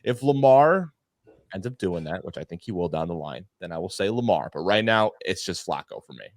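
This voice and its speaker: A man's voice: low voice, a little fast, no room sound. A man in casual podcast chat as a guest fan analyst, rambling and repeating words as he talks. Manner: rambling, repeats words, animated when excited.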